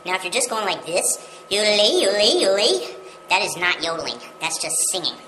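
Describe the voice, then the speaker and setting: Low-voiced woman teaching in an echoey room. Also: expressive, quick pace, heavy background noise. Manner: friendly, plain step-by-step explaining. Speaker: yodeling teacher. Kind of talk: casual video lesson. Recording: roomy echo with music behind.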